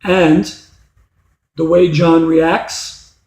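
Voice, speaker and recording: A man's voice: a little high, level tone, extremely slow, darkish tone. A man teaching a reading lesson, explaining step by step and asking rhetorical questions. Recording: echoey room.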